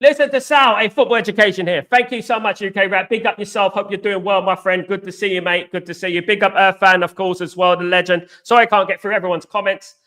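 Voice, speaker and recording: A young man hosting a casual football live stream, greeting viewers by name and repeating himself, his voice going hoarse. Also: sits high, steady tone, quick pace, hardly any pauses, sharp tone. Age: young adult.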